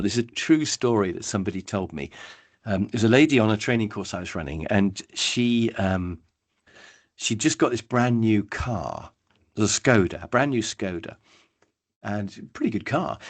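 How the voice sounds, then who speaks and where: A middle-aged man giving a webinar training talk, telling stories in a lively way and acting out the people in them. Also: fairly low pitch, breathy edge. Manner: lively storytelling, acts out quoted people. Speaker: workshop trainer.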